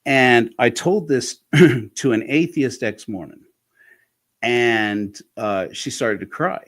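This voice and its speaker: A man of ordinary pitch speaking as an interview guest. He tells his stories candidly and with animation, often stopping and restarting sentences as he goes. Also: slow pace. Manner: frank, animated, with frequent restarts. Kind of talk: candid conversational storytelling.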